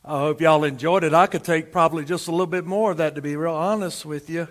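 A high-pitched man preaching. He tells stories in a folksy, homespun way and stretches his phrases for emphasis, as a pastor addressing his congregation. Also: steady tone, quick pace. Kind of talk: sermon. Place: church service streamed to homes.

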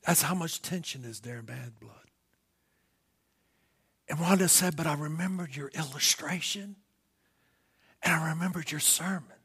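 Middle-aged pastor, gravelly voice pitched a bit high, shifts from soft anecdotes to fiery exhortation. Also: male voice, moderate pace, pauses often. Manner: swings from quiet storytelling to loud impassioned preaching. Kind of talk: sermon.

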